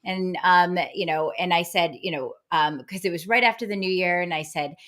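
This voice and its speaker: A woman's voice: fairly low pitch, moderate pace, fairly bright tone. A woman who is a guest medium, chatting cheerfully with many filler words and frequent laughs. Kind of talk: casual interview chat.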